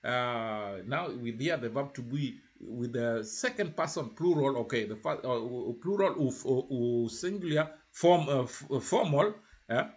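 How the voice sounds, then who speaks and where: A man's voice: mid-range voice, lively intonation, a little slow, darkish tone. Man teaching a lesson, casual. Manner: casual, repetitive, tag questions like "huh?" and "yeah?". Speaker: French teacher. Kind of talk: language lesson.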